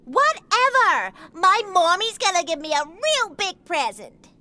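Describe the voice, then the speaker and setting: Spoiled, demanding little girl; very high, unhurried, game music underneath. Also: big pitch swings, pushed and bright, exaggerated voice. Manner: whiny, demanding.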